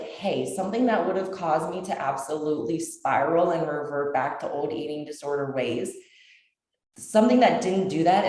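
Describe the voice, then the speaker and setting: Low-voiced woman telling her story all halting and choked up, echoey room. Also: a little mellow. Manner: halting, many fillers and restarts. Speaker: interview guest, bodybuilder. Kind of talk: emotional personal story.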